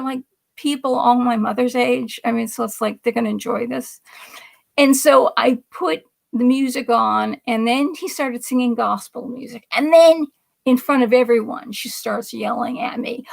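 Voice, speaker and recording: A middle-aged woman hosting a chatty political livestream, reading viewer comments aloud. Her voice sits high, with a gravelly fry through it. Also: expressive, normal speed, fairly bright tone. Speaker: livestream host.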